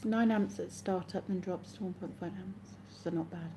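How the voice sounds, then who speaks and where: A woman's voice: lowish voice, steady tone, moderate pace, mellow, slight background noise. An English woman hosting a casual live stream, chatting and reading viewer comments aloud with frequent laughs. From England.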